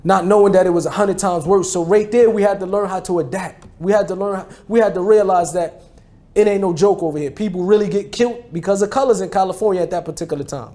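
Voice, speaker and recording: A man's voice: high voice, fast talker, warm tone. A man in his forties from New Jersey with a New Jersey accent tells his life story in casual street slang, often repeating and restarting phrases. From New Jersey, USA. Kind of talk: conversational testimony.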